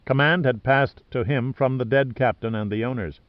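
Steady male audiobook narrator, dull dry sound. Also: mid-range voice, normal speed, hardly any pauses, no echo. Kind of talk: scripted narration.

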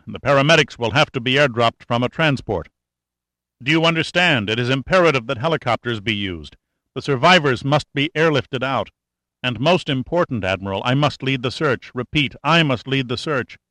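A man's voice: medium pitch, animated, fairly quick, pushed and bright, dry recording. A man reading an audiobook who voices an urgent, determined male military major, insistent and pressing.

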